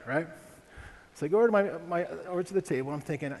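A man's voice: a little high, lively intonation, fast talker. A young man from Ohio preaching a sermon, telling a family story with frequent rhetorical questions to the congregation. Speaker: pastor. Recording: long reverb of a large hall, faint ambience.

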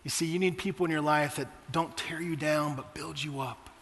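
Bright-voiced pastor preaching in a hall. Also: male voice, fairly high pitch, fairly even intonation, normal speed, slight background noise. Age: 40s. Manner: conversational preaching with personal stories and asides. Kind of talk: sermon.

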